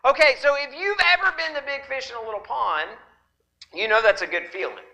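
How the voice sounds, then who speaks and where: A pastor, a man whose voice sits high and rings with a very bright, forceful edge. He preaches through a microphone in a church, playful and folksy, teasing his congregation as he asks for a show of hands. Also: fairly quick, poor audio. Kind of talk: sermon. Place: church sanctuary.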